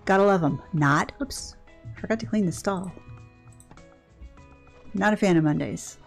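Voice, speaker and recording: A woman's voice: mid-range voice, a little slow, gravelly, faint music behind. An older woman chatting casually as she plays a game on her channel, rambling and breaking off mid-sentence. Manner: chatty, rambling, self-interrupting. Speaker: gaming channel host. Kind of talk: casual gameplay commentary.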